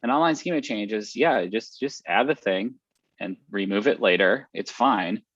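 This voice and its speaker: A man hosting a casual tech conversation, thinking out loud in a chatty, reflective way and repeating words as he goes. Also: lowish voice, lively intonation, normal speed, slightly rough, no echo. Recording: dry, dull lo-fi stream audio.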